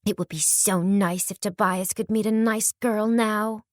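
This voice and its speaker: A woman voicing a fussy, matchmaking society mother who speaks in a lowered, simpering, trilling manner. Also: steady tone, measured pace, dry recording, clean studio sound, lightly acted. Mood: scheming.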